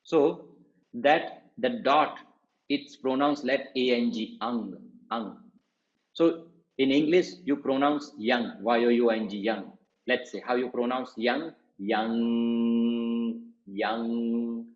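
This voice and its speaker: A man's voice: mid-range voice, lo-fi sound. Man teaching chanting in a roomy sound. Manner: slow, patient explaining with repetitions. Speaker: meditation teacher. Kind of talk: spoken lesson on chanting.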